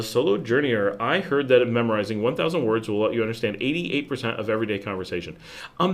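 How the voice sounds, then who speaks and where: An American man hosting a casual livestream, answering viewer questions in a rambling, chatty way with many restarts. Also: mid-range voice. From United States. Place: home in Nicaragua.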